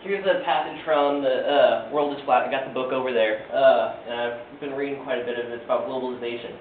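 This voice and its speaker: A man's voice: mid-range voice, steady tone, a little fast, slight background noise. Young male student speaker, earnest, filler-heavy, far-off, echoey and tinny recording. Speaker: student giving a class speech. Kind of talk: presentation speech. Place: classroom.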